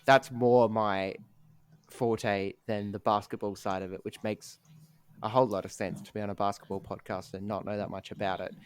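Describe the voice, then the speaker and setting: A man's voice: on the low side, little pitch movement, moderate pace, clear, resonant tone, dry recording. A young man co-hosting a podcast, talking in a laid-back, self-deprecating way full of ums. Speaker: podcast co-host. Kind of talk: casual chat.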